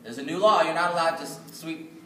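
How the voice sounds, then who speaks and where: A man's voice: a little high, quick pace, fairly bright tone, voice pushed up, lightly acted. A man doing a prim rich lady. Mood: apologetic. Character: rich posh woman. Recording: echoey hall from far off, noisy.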